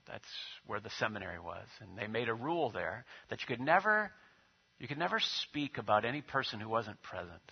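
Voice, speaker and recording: A man's voice: lowish voice, big pitch swings, a little fast, gravelly, breathy edge, dull audio. A man preaching a sermon as pastor, telling stories, then leading prayer and liturgy. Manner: storytelling with acted quotes, leading prayer and liturgy.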